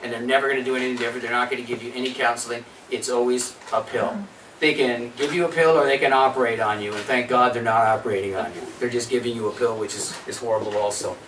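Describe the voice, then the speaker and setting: A man giving a health workshop, talking lively and asking the audience questions. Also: mid-range voice, quick pace, a little hiss or hum. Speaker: workshop presenter. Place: workshop room. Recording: echoey room, distant mic.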